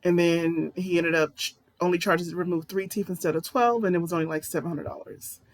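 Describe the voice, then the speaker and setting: A woman's voice: fairly low pitch, fairly even intonation, a little fast. A woman talking casually to camera in a personal vlog, rambling and candid. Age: adult. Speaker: vlogger.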